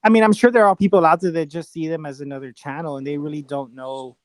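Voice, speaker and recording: A man co-hosting a podcast in loose, animated casual chat, full of fillers and jokes. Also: on the high side, fast talker, dry recording. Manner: animated, filler-heavy, jokey. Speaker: podcast co-host.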